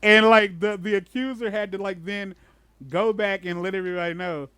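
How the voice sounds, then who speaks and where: Podcast co-host, male, high-pitched, dry close mic, lively profane storyteller. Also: normal speed, clean tone, dry recording. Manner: animated storyteller, swears freely, bursts into laughter. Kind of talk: casual chat.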